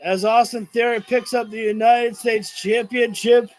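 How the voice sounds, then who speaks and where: A man doing live watch-along commentary of a wrestling show, excitable, shouting and cursing at the action, sometimes tripping over his words. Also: extremely high pitch, measured pace, faint music behind. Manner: rambling, stumbles over words.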